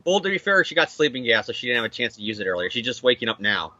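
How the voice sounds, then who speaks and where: A young man recapping a comic book issue in casual chat, animated and swearing as he acts out the characters. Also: medium pitch, racing, dry recording, lo-fi sound. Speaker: comic podcast co-host.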